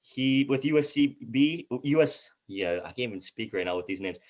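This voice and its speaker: A man's voice: medium pitch, expressive, moderate pace, a little mellow. A man co-hosting a casual sports chat, reading out team records and stumbling over player names. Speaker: co-host.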